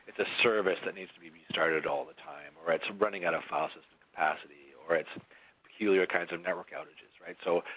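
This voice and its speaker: Restarting his sentences and adding "right?" to his points, a man from a software vendor gives a conversational webinar. His voice sits low, and the highs are cut off in the audio.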